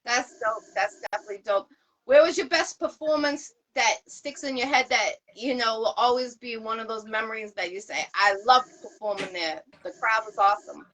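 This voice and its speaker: A woman hosting an interview show with a heavy accent, eager and upbeat, quick with shout-outs. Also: on the high side, a little hiss or hum, poor audio. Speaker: interview host.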